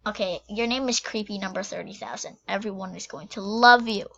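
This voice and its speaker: A woman giving playful, excitable commentary to herself as she plays a game, reacting loudly and trailing off into whispers. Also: mid-range voice, a little fast, dull audio. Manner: giddy, playful, talks to herself while playing. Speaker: game vlogger. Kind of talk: casual gameplay commentary.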